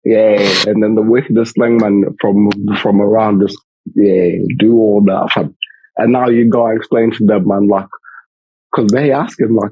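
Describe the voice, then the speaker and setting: A man's voice: fairly low pitch, fairly even intonation, normal speed, husky, no echo. A young man, co-hosting a casual podcast in a laid-back, slang-heavy way, often tagging lines with "fam". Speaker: podcast co-host. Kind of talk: casual banter podcast chat. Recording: dull, dry lo-fi mic.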